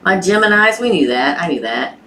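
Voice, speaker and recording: A woman's voice: fairly low pitch, animated, a little fast, bright, forceful tone. A woman from Missouri with a Southern accent, chatting aloud as she reads tarot cards on a live stream. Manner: chatty, thinks aloud while pulling cards. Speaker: tarot reader. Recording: distant mic with clear background noise.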